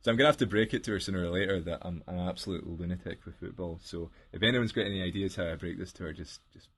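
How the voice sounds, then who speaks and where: A man's voice: sits low, fast talker, fairly bright tone, breathy edge. A man co-hosting a podcast, telling rambling stories with laughs in casual chat. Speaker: podcast co-host.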